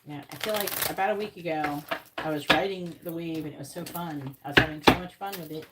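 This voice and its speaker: A woman's voice: sits low, steady tone, a little fast, very noisy. A woman hosting a live tarot stream, chatting casually and bluntly with viewers and swearing freely. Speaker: tarot reader host.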